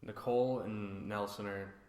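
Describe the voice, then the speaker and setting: A man's voice: fairly low pitch, a little slow. A man co-hosting a podcast, casually recapping a reality show and acting out what the cast said. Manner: animated storytelling, acting out quotes. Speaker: podcast co-host. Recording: roomy echo.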